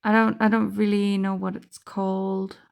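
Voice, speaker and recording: A woman's voice: medium pitch, level tone, moderate pace, creaky. A woman chatting casually as she opens a trading card pack, thinking aloud with many fillers and restarts. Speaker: card game vlogger. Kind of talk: casual unboxing chat.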